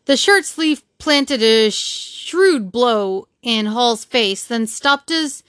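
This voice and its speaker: A woman narrating a classic novel as an audiobook reader, steady and measured, close to the mic. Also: on the high side, clear, resonant tone, dry recording. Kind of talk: storybook narration.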